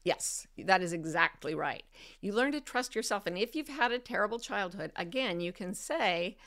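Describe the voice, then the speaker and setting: A woman hosting a show, answering listener questions in an advice talk and slowing and softening her voice for serious points. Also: expressive. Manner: gentle, deliberately slows and lowers her voice for serious points. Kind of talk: warm advice talk to an audience.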